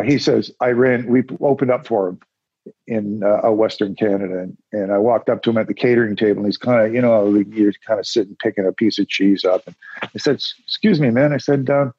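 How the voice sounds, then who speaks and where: This man, a musician and ex-radio announcer, rambles through casual stories as an interview guest, doing voices for the people he quotes. He has a mid-range voice, and the audio is dry and lo-fi.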